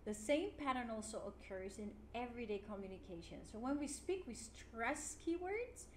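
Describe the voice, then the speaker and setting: A woman teaching an English lesson online, clear and encouraging, with frequent "yeah" fillers. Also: a little high, expressive, normal speed. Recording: roomy with faint noise.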